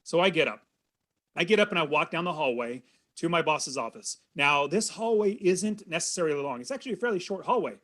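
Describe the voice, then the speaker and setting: A Californian man in his thirties, a guest on a podcast, tells a personal story in interview-style storytelling. Earnest and animated, he speaks briskly, plainly, and warmly to his host, his voice a little high for a man.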